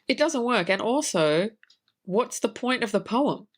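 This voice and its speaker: A woman's voice: on the high side, expressive, unhurried. Swearing woman ranting about a film. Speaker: podcast co-host; horror writer. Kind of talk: casual movie review chat.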